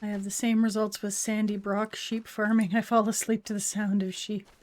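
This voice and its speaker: A tired gaming livestreamer yawns as she plays a video game, chatting casually and rambling through self-deprecating asides. Her voice is medium-pitched and darkish, with little pitch movement and a normal speed.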